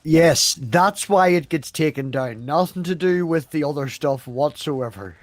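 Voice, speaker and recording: A man's voice: a little high, unhurried, dry recording. A man, a guest on the show, chatting in a laid-back, offhand way. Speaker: guest, content creator. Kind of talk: casual chat.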